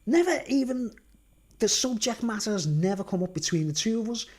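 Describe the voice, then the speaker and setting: Speaking fairly quickly from home, this Merseyside man has a high-sitting voice with a darkish tone and lively intonation. His casual livestream monologue is one long story, delivered emphatically, with frequent "right?" and "do you understand?" check-ins as he drives his points home.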